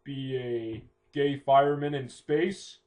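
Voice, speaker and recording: Man doing naive eleven-year-old boy, excitable, eager questions, mid pitch. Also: slow, lightly acted.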